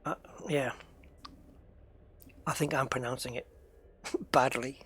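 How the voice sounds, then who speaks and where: A man's voice: mid-range voice, steady tone, takes it slowly, a bit bright, breathy edge. A man with an English accent, a game streamer chatting casually with viewers during a live stream and musing aloud as he plays. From United Kingdom.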